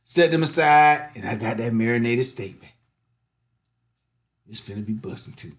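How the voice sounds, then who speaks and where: Cooking and eating on his vlog, a mukbang creator with a mid-range voice chats animatedly at a moderate pace. His talk is laid-back and full of slang, punctuated by sing-song hype chants.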